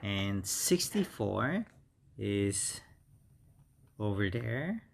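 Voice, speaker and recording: A middle-aged man whose first language is Korean, teaching beginner English vocabulary slowly and repeating each word several times. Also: on the low side, sing-song, creaky, a little hiss or hum. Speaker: English instructor. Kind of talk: slow beginner vocabulary lesson.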